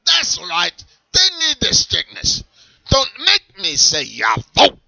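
A man voicing a strict, shouty German leather and whip seller with an eye patch, in a put-on German accent and a theatrical, menacing manner. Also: high-pitched, huge pitch swings, slow pace, gravelly, no echo, dull audio, voice pushed up, exaggerated voice. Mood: barking, strict. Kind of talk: comedy sketch character.

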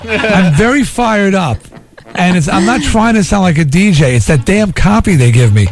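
A man hosting a morning radio show, reading listener emails out loud and riffing on them in an animated, theatrical way. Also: high-pitched, moderate pace. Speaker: radio host. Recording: radio broadcast with music under it.

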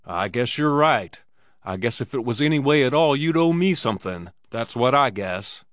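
A man's voice: medium pitch, animated, moderate pace, fairly bright tone, no echo, studio quality, lightly acted. A man voicing an insolent, swaggering Swedish drifter who jeers and mocks. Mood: sneering. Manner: jeering, mocking.

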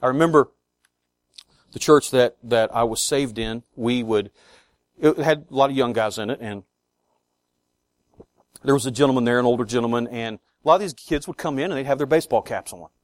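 A man preaching a sermon to his congregation, earnest, with slow emphatic stresses on key words. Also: medium pitch, dry recording. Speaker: pastor.

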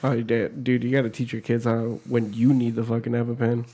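A man's voice: mid-range voice, little pitch movement, a little fast, mellow, slight background noise. A man in casual comedic chat, teasing his friend and jumping into voices and bits. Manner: teasing, profane, acts out bits.

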